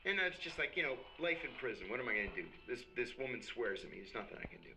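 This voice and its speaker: Man, middle-aged, podcast guest, animated storyteller, noisy background. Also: medium pitch, fast talker, creaky. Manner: animated, acts out quoted voices. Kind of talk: storytelling in conversation. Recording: noisy recording.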